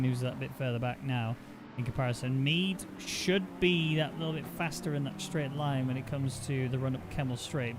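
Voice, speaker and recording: Chatty man commentating a sim race. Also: mid-range voice. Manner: chatty, laughs easily, banters with co-host. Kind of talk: casual live race commentary. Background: racing car engine noise.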